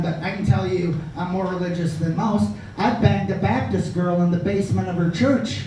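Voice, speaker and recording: A man's voice: sits high, fairly even intonation, moderate pace, few pauses, dark tone. Brash profane male comic in echoey club. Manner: crude, brash, profane storytelling. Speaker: stand-up comedian. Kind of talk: stand-up comedy set. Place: small comedy club stage. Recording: echoey club from far off, noisy. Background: audience laughter.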